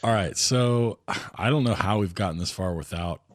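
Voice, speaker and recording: A man's voice: lowish voice, normal speed, a little hiss or hum. A man hosting a casual movie podcast, thinking aloud and rambling with many restarts and fillers. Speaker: podcast host.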